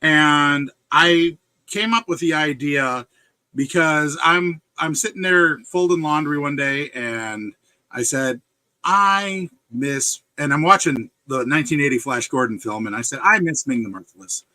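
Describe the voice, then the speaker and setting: A man's voice: a little high, measured pace, pushed and bright, no echo. A man from Wisconsin with an Upper Midwest accent, a guest author chatting casually in an interview, joking, laughing often and wandering into asides.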